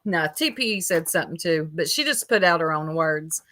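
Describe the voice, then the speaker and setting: A woman's voice: sits low, expressive, fairly quick, sharp tone. A woman giving casual livestream commentary while reading chat aloud, blunt and gossipy, with casual swearing.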